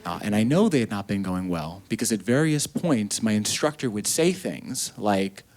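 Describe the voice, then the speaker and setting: A man in his thirties performing stand-up comedy, telling a story in an animated, profane way and acting out the dialogue. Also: on the low side, moderate pace. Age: 30s. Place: comedy stage before a live audience.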